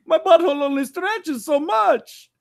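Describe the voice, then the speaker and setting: Man doing a cartoon victim voice, shrill, pleading, whining. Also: unhurried, gravelly, full character voice. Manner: high pleading whine.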